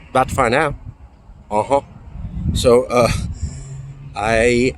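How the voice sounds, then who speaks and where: A man in his forties from California, telling a personal story in a halting, emphatic way that sometimes drops to a near whisper. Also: fairly low pitch. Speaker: political activist. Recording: outdoor traffic noise.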